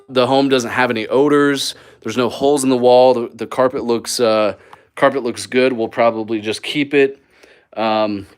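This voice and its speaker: Upbeat rambling man on a walk-through. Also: mid-range voice. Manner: upbeat, rambling, many fillers and restarts. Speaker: mobile home flipper hosting a live stream. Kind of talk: live walk-through vlog. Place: indoors in a small mobile home.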